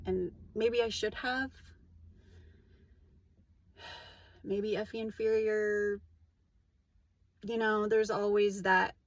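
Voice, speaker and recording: A woman's voice: mid-range voice, steady tone, drawn-out words, pauses often. A woman vlogger talking in a casual, candid, rambling monologue, full of "like" and restarts. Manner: rambling and candid, heavy use of "like".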